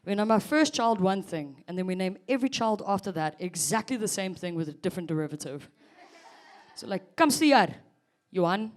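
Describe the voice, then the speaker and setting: A woman's voice: fairly low pitch, a little fast. A South African woman in her thirties performing a chatty stand-up set, teasing the audience. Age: 30s. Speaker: stand-up comedian.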